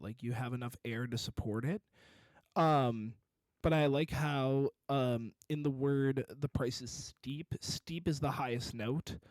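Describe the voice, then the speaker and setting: A man's voice: mid-range voice, darkish tone, no room sound. A man reviewing a song in casual commentary, encouraging and detailed about vocal technique.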